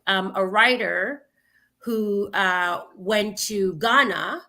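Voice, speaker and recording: A woman guest poet who recites her poem in a dramatic spoken-word style with big swings in loudness, then chats loosely with plenty of fillers. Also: mid-range voice, very slow. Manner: chatty, loose and full of fillers when talking. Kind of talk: spoken-word poetry and casual chat.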